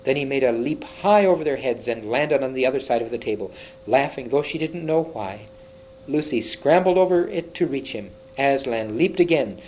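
A man's voice: medium pitch, expressive, normal speed, darkish tone, a little hiss or hum, low-quality recording. A man reading a children's fantasy book aloud, with small slips and restarts. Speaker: reader.

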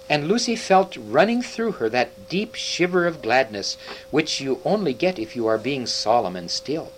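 A man narrating a children's storybook aloud, his voice rising and falling in a very lively, expressive way. He sits at an everyday middle pitch and reads with gentle storytelling care. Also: moderate pace, a little hiss or hum, low-quality recording.

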